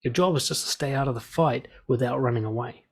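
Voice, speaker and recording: A man's voice: mid-range voice, fast talker, creaky, breathy edge. A man coaching listeners in a direct advice monologue, blunt and swearing freely, acting out quoted lines. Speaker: dating and confidence coach.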